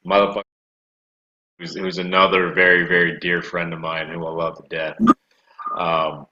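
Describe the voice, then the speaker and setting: A podcast host reminiscing in a laid-back, profane casual chat. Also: male voice, deep voice, flat delivery, moderate pace, bright, forceful tone, muffled recording.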